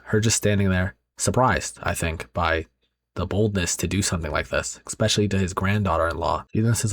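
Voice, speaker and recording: A man with a fairly low voice narrating a horror comic recap. He talks chattily and straight to his viewers, with plenty of fillers. The sound is close and dry. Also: fairly quick, no echo.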